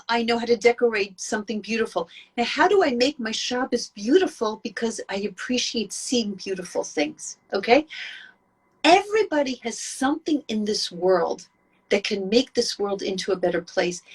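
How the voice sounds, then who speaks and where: A woman giving an earnest, emphatic inspirational talk to women, telling stories with warmth and conviction. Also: on the high side, breathy edge. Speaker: Jewish women's speaker.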